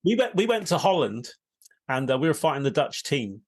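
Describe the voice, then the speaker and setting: A man hosting an interview, swapping lively anecdotes with his guest and laughing often. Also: on the high side, fairly quick. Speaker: interviewer, host. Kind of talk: casual conversational storytelling.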